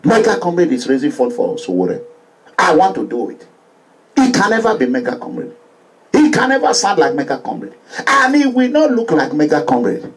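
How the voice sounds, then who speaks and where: A middle-aged man with a Nigerian accent from Edo State preaches a political monologue in a high, restless voice. His pitch leaps around as he moves between hushed pleading and loud declaiming, breaking into chanted refrains. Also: sing-song, fairly quick, rough recording. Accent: Nigerian English with Pidgin. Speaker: political activist vlogger.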